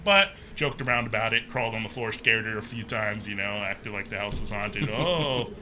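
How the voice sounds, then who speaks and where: A man guest on a podcast, telling a personal story in a casual, animated way, acting out the voices he quotes and using plenty of fillers. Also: lowish voice, moderate pace, noisy background. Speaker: podcast guest, haunted maze builder.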